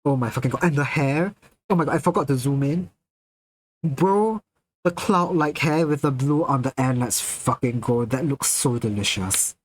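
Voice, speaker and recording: In a casual live stream, an excitable man laughs often and swears freely as he reacts to viewer messages. His mid-range voice keeps a moderate pace, and the recording is rough.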